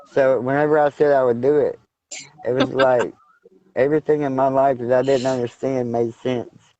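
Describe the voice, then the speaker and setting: Halting man, dark voice. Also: mid-range voice, steady tone, highs cut off. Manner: halting, full of fillers and restarts. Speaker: guest sharing testimony. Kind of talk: casual spoken testimony.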